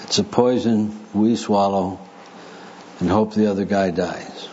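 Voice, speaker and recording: A man preaching a sermon to a live audience, speaking deliberately with dry humor. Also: fairly low pitch, fairly even intonation, dark tone. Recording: muffled recording with faint noise.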